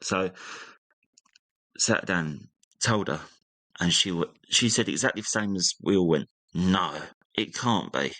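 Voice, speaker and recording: A young man speaks in a low voice, casually recounting a personal story. He animates it by acting out what his relatives said. The recording is close and dry. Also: unhurried, pauses often, no echo. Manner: animated retelling, acting out family members' lines. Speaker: guest.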